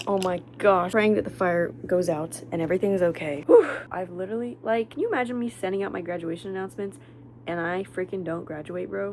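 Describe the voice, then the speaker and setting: A woman's voice: mid-range voice, darkish tone, slight background noise. A woman in her twenties, a college senior, chatting in a talkative, dramatic way in a study vlog. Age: 20s. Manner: talkative, dramatic, slips into whispers.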